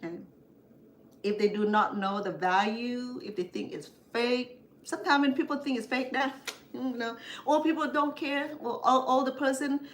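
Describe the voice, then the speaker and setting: A woman's voice: a little high, moderate pace. An older woman, chatting and rambling through family stories as she cooks for her show. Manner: chatty, rambling, acts out family members' voices. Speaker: cooking show host. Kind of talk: storytelling while cooking.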